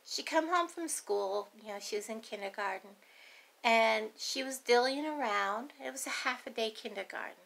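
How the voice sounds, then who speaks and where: A middle-aged woman with a fairly high, bright voice and a gravelly fry, rambling through family stories. She speaks in a folksy, chatty way and wanders off on tangents. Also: expressive, normal speed. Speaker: grandmother vlogger. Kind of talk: rambling storytelling.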